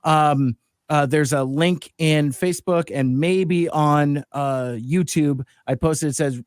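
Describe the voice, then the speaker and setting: A man hosts a podcast live stream in a slow, somewhat high voice, rambling loosely in casual chat with many fillers and restarts. The audio is clean studio sound with no room noise.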